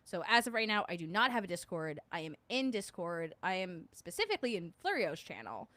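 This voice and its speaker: A woman's voice: fairly low pitch, sing-song, a little fast, sharp tone, no room sound. A woman hosting a casual livestream, chatting with viewers. She reads their comments aloud, jokes and laughs often, and hums little filler tunes. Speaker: livestream host.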